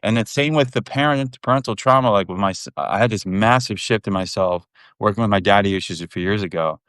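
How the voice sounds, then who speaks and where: A man's voice: fairly low pitch, fast, a bit bright, smooth, dry recording, studio quality. A man in his thirties talking candidly as a podcast guest, frank and rambling, with plenty of swearing. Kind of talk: candid casual conversation.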